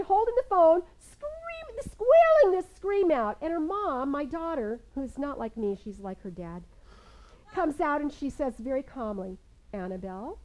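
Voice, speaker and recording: An older woman minister giving a sermon to a seated congregation. She tells stories with lively energy, then slows into calm, measured guided prayer. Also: extremely high pitch, rough recording. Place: in front of a seated congregation in a room.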